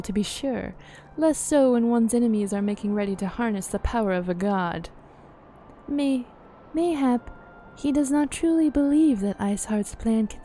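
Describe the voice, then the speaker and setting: A woman voicing a composed young woman leader, reading game dialogue in a formal, measured way. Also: a little high, mellow, slight background noise, close to an everyday voice.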